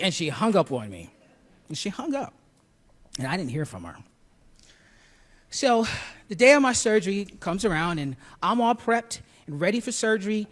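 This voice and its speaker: High, lively voice of a male storyteller. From Buffalo, New York. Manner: expressive, acts out the quoted lines. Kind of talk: personal storytelling on stage.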